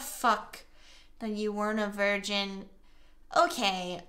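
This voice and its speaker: A young woman playing a chat game, reading messages aloud and swearing as she gets loud and exasperated. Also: medium pitch, slow, pauses often. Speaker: gaming streamer. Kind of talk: let's play commentary, reading chat aloud.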